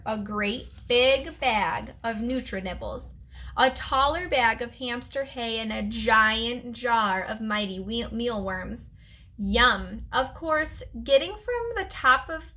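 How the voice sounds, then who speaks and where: A woman teacher reading a children's chapter book aloud, with lively storytelling and playful voices. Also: fairly high pitch.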